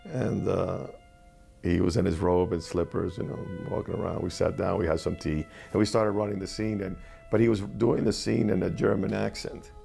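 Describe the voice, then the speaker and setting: A man, an actor being interviewed, recalling anecdotes in a reflective, halting way with frequent restarts. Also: low-pitched, little pitch movement, creaky, dark tone, soft background music.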